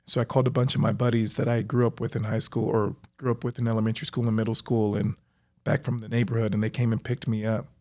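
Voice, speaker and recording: A man's voice: on the low side, level tone, mellow. Reflective man telling his story. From United States. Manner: reflective, halting, with frequent "like" fillers. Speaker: professional athlete telling his life story. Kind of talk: personal storytelling.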